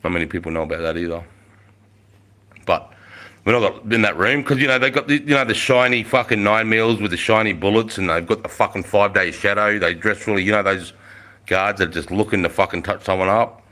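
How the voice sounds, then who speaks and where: An Australian man in his forties, an ex-soldier, hosts a casual livestream, telling army stories, reading chat aloud, and swearing a lot in a laid-back way. His voice is fairly low, pushed, and bright, and he speaks fairly quickly.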